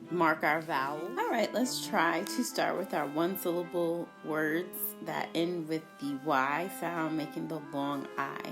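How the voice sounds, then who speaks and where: Female teacher, low-pitched and bright, slow deliberate phonics delivery with faint music under it. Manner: slow, clearly enunciated, repeats words for kids to echo. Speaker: literacy teacher. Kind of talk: phonics lesson for children.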